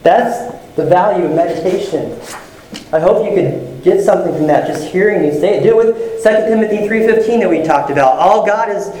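A man's voice: high voice, brisk, warm tone, echoey room, a little hiss or hum, low-quality recording. A male pastor giving a sermon in a conversational, encouraging way, often repeating phrases.

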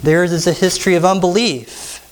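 A man's voice: sits high, fairly even intonation, moderate pace. A pastor preaching an expository sermon, emphatic and teacherly, asking the congregation questions as he goes.

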